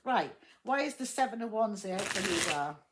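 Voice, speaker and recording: A woman's voice: medium pitch, expressive, normal speed, background noise. A woman giving a casual tarot reading, blunt and exasperated, swearing heavily and laughing often. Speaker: tarot reader.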